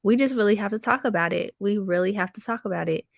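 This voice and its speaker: A woman's voice: mid-range voice, quick pace, creaky, no echo, clean studio sound. A woman hosting a casual live-stream commentary, chatting with her viewers and greeting them by name. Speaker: commentary channel host.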